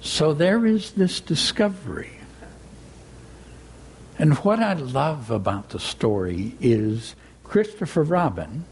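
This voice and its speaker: Reflective man giving a gentle sermon. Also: a little high, sing-song, takes it slowly, a little hiss or hum. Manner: gentle, reflective, reading with voices. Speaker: spiritual teacher. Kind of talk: sermon with a read-aloud story.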